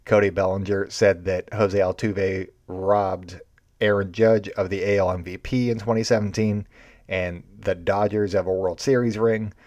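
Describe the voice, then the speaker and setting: A man's voice: deep voice, flat delivery, normal speed, darkish tone, no echo. A man hosting a baseball show, giving unscripted, sarcastic commentary that turns into a rant. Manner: sarcastic, ranting. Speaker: baseball podcast host.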